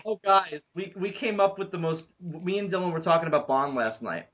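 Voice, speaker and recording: A young man co-hosting a podcast, chatting casually, excitable and quick to laugh. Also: on the high side. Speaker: podcast co-host. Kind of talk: casual chat. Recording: dull lo-fi recording.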